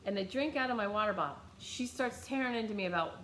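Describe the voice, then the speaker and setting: A woman's voice: mid-range voice, fast, echoey room, a little hiss or hum. Blunt American woman telling a story. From United States. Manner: blunt, animated, swears freely. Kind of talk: casual storytelling.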